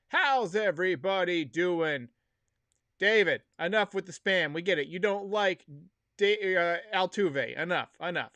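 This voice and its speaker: A man's voice: sits high, sharp tone, dry recording. A man hosting a casual sports livestream, chatty, wry and opinionated as he talks to his viewers. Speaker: podcast host. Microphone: headphones and desk mic.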